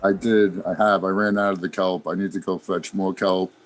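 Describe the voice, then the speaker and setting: Laid-back, rambling man, low voice. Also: level tone, normal speed. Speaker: podcast regular, worm grower. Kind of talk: casual chat.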